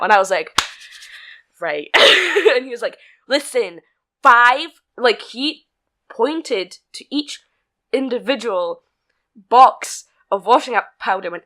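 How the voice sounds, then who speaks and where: A woman's voice: a little high, animated, measured pace, pushed and bright. A young woman, telling a story with laughter and swearing in a casual podcast chat. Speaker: podcast co-host.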